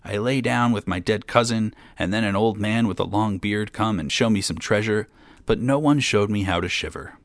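A man's voice: fairly low pitch, normal speed, no room sound, natural voice. A man voicing a brave, naive young man who cannot learn to shudder, in an eager, cheeky way. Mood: wistful.

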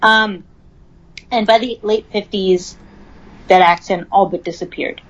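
A woman's voice: medium pitch, steady tone, unhurried. A young woman hosting a podcast in casual chat, talking with lots of ums and likes. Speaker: podcast host. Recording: slightly dull, lo-fi audio.

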